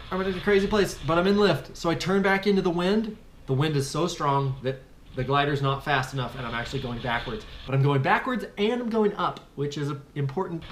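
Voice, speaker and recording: A man narrating his own paragliding flight in a casual vlog voice-over, animated, swearing freely and calling his viewers folks. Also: mid-range voice, slight background noise.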